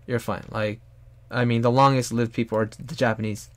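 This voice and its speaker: Young streamer dude talking while he draws, rambly, jumps into loud squeaky yells sometimes, dry close mic. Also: moderate pace, no room sound. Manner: rambling, animated, bursts into loud high put-on exclamations. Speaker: streamer and artist. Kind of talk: casual chat while drawing on stream.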